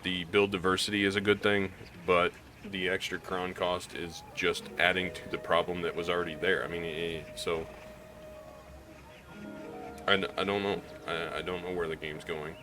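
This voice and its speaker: Over music, a low-voiced gaming YouTuber from Missouri chats casually in a level tone and at a moderate pace. His slight Southern drawl comes through as he rambles openly and keeps starting over.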